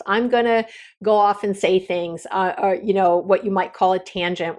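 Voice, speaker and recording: A woman hosting her own podcast, talking candidly and from the heart, with frequent restarts and trailing thoughts. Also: medium pitch. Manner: earnest, heartfelt, meandering with many restarts. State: near tears. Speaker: podcast host. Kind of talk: candid solo podcast talk.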